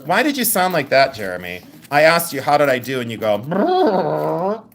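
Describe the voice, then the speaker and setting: A woman's voice: rumbling low, sing-song, quick pace, a bit bright. Chatty woman selling jewelry live. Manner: rambling, chatty, thinks aloud. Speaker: live-stream jewelry seller. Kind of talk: live sales stream chat.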